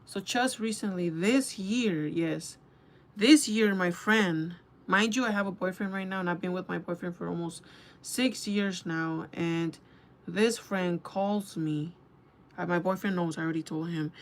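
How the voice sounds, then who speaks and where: A young beauty vlogger in her twenties, her voice on the low side, chats openly through a storytime while putting on makeup and swears liberally. Slight background noise can be heard.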